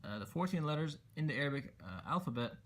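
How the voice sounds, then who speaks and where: A man's voice: a little high, big pitch swings, fast talker, a bit bright. A man teaching Quran recitation rules step by step, patiently explaining and repeating letters for emphasis. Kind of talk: step-by-step tajweed lesson.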